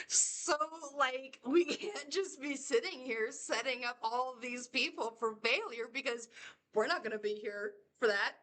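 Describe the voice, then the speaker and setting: Woman, bright voice, rambling, laughs a lot, casual reaction chat. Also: on the high side, a little slow, a little hiss or hum. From United States. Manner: rambling, animated, laughs often. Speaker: reaction vlogger.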